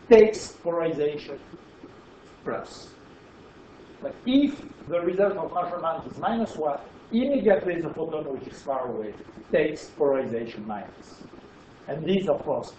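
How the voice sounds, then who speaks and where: A man's voice: a little high, mellow, a little hiss or hum. Man with a French accent lecturing. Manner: explanatory, emphatic, with asides to the audience. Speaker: physics lecturer. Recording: roomy, dull lecture hall recording.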